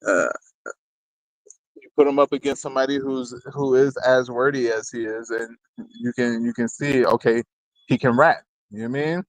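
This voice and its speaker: A man's voice: medium pitch, fairly even intonation, moderate pace, no echo, poor audio. Man rambling battle rap host, dry sound. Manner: loose and rambling, constantly asking "you know what I mean"; laughs between remarks, jokes with chat. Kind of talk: casual commentary.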